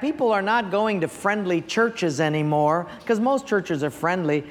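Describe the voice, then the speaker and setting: Guy preaching a sermon, high voice, tells stories and quizzes the crowd, echoey church. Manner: storytelling, asks the audience questions. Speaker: pastor.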